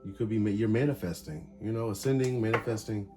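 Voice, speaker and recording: Brief: male tarot reader, casual and emphatic, short card-by-card bursts, soft music underneath. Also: fairly low pitch, fast talker. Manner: talks through cards in short bursts, animated and emphatic.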